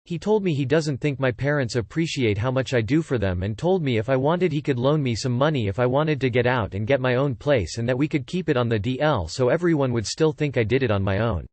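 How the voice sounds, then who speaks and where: A man narrating online forum posts aloud in a steady, scripted reading style. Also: mid-range voice, a little fast, hardly any pauses, no echo.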